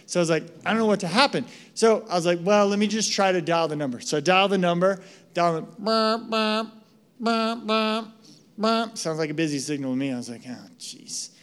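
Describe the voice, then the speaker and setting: A man's voice: fairly high pitch, fast, clean tone. A man from the United States preaching a sermon, telling a story with lots of "right?" asides. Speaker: pastor.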